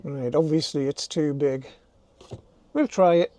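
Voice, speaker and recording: This older man's voice is warm, on the high side, and a little slow. He's doing a casual DIY vlog on a handheld camera inside a camper van, thinking aloud with self-mocking humor.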